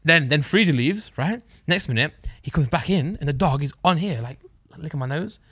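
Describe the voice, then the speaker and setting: A man's voice: a little high, lively intonation, moderate pace, fairly bright tone, slightly rough, no echo. A young man co-hosting a podcast, chatting and telling stories with laughs and restarts. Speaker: podcast co-host. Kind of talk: casual chat.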